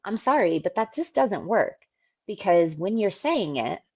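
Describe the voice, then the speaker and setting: Speaking a little slowly but very animatedly, a business owner with a medium-pitched, slightly rough voice chats casually on her solo podcast. She's candid about running her business, occasionally swearing and laughing.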